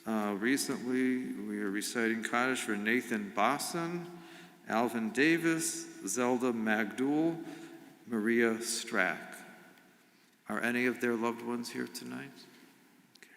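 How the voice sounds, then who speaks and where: A man's voice: mid-range voice, slow pace, creaky, fairly bright tone. A middle-aged man, a rabbi giving an informal sermon in a synagogue, speaking conversationally with humor and asides. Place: synagogue sanctuary. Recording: long reverb of a sanctuary.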